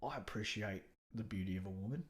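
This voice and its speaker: A man's voice: on the low side, quick pace. Playful joke-telling man in his fifties. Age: 50s. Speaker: podcast co-host. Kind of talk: unscripted comedy chat.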